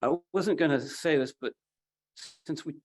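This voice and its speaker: A man's voice: a little high, normal speed. A man telling a personal story at a memorial, acting out the voices of the people in it. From Northern California. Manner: acts out quoted voices in his story. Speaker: memorial speaker. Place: memorial gathering.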